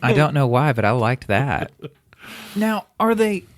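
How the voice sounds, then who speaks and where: A man's voice: medium pitch, very animated, measured pace, noisy background. A man co-hosting a casual podcast, curious and full of questions. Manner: curious, asks lots of questions. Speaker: podcast co-host. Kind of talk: casual chat.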